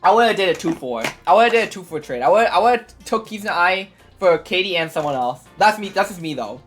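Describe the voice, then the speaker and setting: A woman with a lowish voice tells an event story as a stream recap, rambling and excitable, with lots of fillers. Soft background music plays under her talk. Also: brisk. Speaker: VTuber streamer. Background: faint background music.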